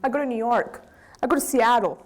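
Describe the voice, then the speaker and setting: A woman with a Brazilian accent, a business owner giving a candid, animated lecture to students. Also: a little high, brisk. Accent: Brazilian Portuguese. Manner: animated, candid storytelling with acted quotes.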